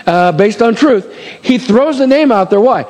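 High-voiced male pastor in a reverberant hall. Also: animated, moderate pace, darkish tone. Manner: conversational, with asides and rhetorical "amen?" and "right?". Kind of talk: sermon.

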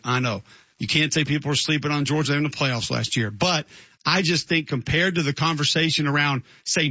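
A man's voice: a little high, pushed and bright, breathy edge, no room sound, highs cut off. A man hosting a sports radio show, giving conversational, opinionated takes. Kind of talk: radio talk show monologue.

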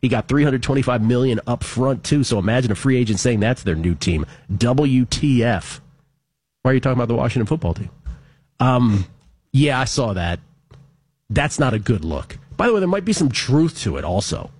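A man hosting a sports betting radio show with a husky, slightly rough voice. He talks casually and reads listener messages aloud, dropping wry little asides between them. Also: medium pitch, expressive, a little fast, a little mellow.

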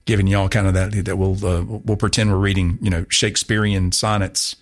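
A low-pitched man hosting a casual talk radio show, chatting and rambling along with an easy, self-mocking humor. His sentences often restart as he goes. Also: flat delivery, fairly quick, hardly any pauses.

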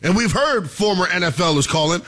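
Animated, high-pitched sports radio host. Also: male voice, moderate pace. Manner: preachy, theatrical, addresses listeners as ladies and gentlemen. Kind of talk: animated sports talk monologue.

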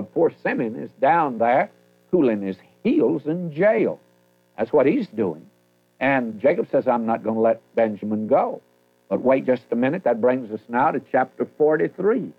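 A man gives a folksy verse-by-verse sermon. He reads old scripture slowly and then retells it in plain everyday talk. The sound is narrow and phone-like, as on an old radio broadcast. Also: medium pitch. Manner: folksy, reads King James verses aloud then paraphrases. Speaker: radio Bible teacher.

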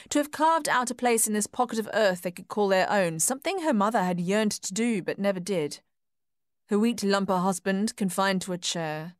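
Soft-spoken woman narrating a story. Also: on the low side, no room sound, clean studio sound. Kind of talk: scripted audiobook narration.

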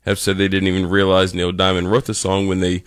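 A man on a radio show, telling the story behind a song in a measured, informative way. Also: deep voice, completely flat delivery, dry recording, studio quality. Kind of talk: explaining music history on air.

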